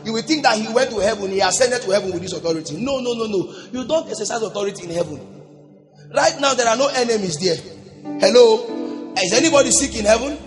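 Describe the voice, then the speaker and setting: A male preacher with an unusually high voice delivers a sermon. He shouts and keeps calling on the congregation to answer back. His voice rings through a church with a long reverb and faint music underneath. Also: expressive, quick pace. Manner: shouting, call-and-response with congregation. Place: church hall.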